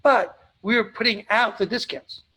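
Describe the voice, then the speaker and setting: Blunt, husky-voiced man answering questions. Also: high voice, normal speed, bright, forceful tone, rough recording. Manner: blunt, emphatic, repeats points for stress. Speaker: webinar host answering audience questions. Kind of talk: live webinar Q&A.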